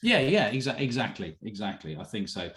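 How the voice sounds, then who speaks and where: A man's voice: fairly low pitch, sing-song, brisk, fairly bright tone, echoey room, slight background noise. A man hosting a casual photography chat on a video call, talking in loose, rambling sentences with many restarts. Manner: rambling, with frequent restarts and trailing off. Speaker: host of an online photography chat.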